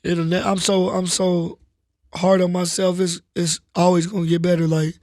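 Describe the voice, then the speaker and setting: A man talking casually in an interview, relaxed and slangy, often saying "you know what I'm saying.". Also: high voice, normal speed, dry recording, clean studio sound. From Los Angeles, US. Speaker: rapper guest. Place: studio.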